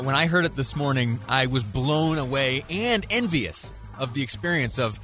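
A man's voice: medium pitch, a bit bright. A man hosting a radio news show, telling a story in a rambling, self-deprecating way with many fillers and asides. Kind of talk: talk radio monologue.

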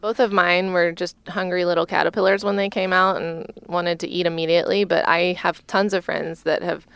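Mom of two in easy group chat, lowish voice with a gravelly edge, dry close sound. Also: female voice, little pitch movement, moderate pace, a bit bright, no room sound. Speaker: mother of two.

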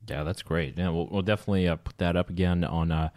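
Deep-voiced man hosting a talk show. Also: fast talker, no room sound, clean studio sound. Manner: relaxed, jokey, plugs the show. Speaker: radio show host. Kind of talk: casual talk radio chat.

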